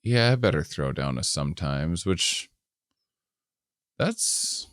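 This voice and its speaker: A middle-aged man in casual podcast chat, wandering off on self-deprecating tangents. His voice sits very low and comes across smooth and resonant. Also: expressive, slow, a bit bright, dry recording, clean studio sound. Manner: rambling, self-deprecating, reads survey questions aloud. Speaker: podcast co-host.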